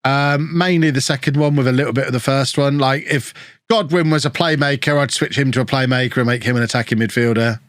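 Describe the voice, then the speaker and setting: A man live-streaming a football management game, chatting with viewers and reacting excitedly to the match. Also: medium pitch, fairly quick, no room sound, clean studio sound. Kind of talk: casual live-stream commentary.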